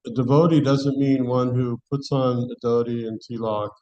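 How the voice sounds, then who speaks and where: A man leads a scripture class with a mellow, warm voice. He talks to the audience conversationally and restarts his phrases as he thinks. His pitch sits in a middle range for a man. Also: fairly even intonation, normal speed, muffled recording. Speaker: class speaker.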